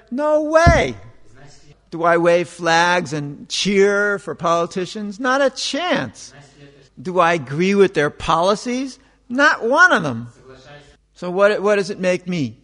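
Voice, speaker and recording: A man's voice: high voice, fairly bright tone, big-room sound. A man giving an informal spiritual talk, speaking conversationally and acting out the voices of the people he quotes, growing exasperated at times. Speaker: spiritual teacher.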